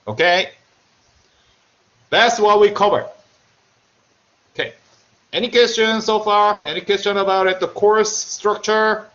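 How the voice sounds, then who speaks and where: A man with a Korean accent, a native Korean speaker, giving a remote university lecture in a joking, animated way and often repeating himself. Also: sits high, unhurried, long pauses, lo-fi sound.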